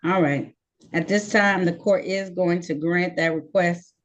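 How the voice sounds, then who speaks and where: A woman judge presiding over virtual court proceedings on a video call, brisk and friendly, reading case numbers slowly and deliberately. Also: fairly low pitch, steady tone.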